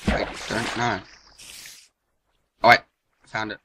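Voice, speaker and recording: A man's voice: on the low side, flat delivery, takes it slowly. Goofy man over a noisy mic. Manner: goofy, playful wordplay. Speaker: let's play co-host. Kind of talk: casual gameplay chat.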